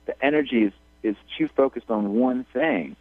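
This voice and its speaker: A man calling in to a radio show, talking in a halting way with many restarts. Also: mid-range voice, dry recording. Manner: halting, full of restarts and fillers. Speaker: caller. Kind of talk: radio call-in conversation. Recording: tinny phone line.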